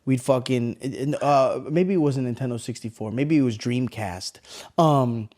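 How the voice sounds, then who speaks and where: A man in his thirties co-hosting a podcast, telling animated, profanity-laced stories and acting out the voices in them. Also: mid-range voice, measured pace. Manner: animated, swears a lot, acts out voices in stories. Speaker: podcast co-host. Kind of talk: casual storytelling chat.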